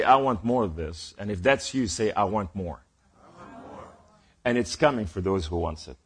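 A man's voice: mid-range voice, slightly rough. A man preaching a sermon in a rambling, emphatic way, building to calls to the listeners. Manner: rambling and emphatic, rising to exhortation.

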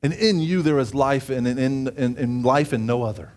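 A man preaching a sermon, reading scripture aloud with asides and often rising in pitch and volume for emphasis. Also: moderate pace, a little mellow.

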